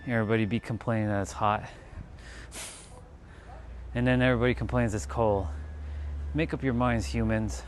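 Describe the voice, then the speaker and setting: A man's voice: medium pitch, steady tone, normal speed, long pauses, a little hiss or hum. A man from California hosting a casual livestream, chatting and counting reps between exercises. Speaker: livestream host. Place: outdoors in hot weather.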